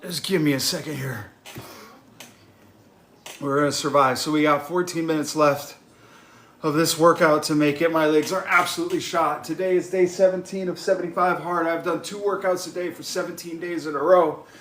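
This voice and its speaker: An out-of-breath man talking to his live stream chat while riding an exercise bike at home, getting worked up and yelling at times. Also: fairly high pitch, fairly even intonation, brisk, roomy sound, a little hiss or hum. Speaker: fitness vlogger live streaming his workout.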